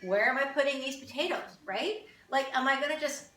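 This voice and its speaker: A woman's voice: sits high, a little fast, sharp tone, roomy sound, distant mic, soft background music, poor audio. A woman from Canada chatting casually to camera as a vlogger, with wry, amused asides.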